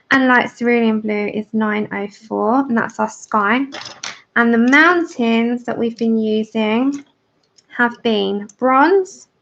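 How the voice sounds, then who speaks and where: A woman's voice: fairly high pitch, a bit bright. A woman hosting a colouring livestream, chatting casually and explaining each step as she works. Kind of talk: casual tutorial chat while colouring. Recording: dull lo-fi livestream audio.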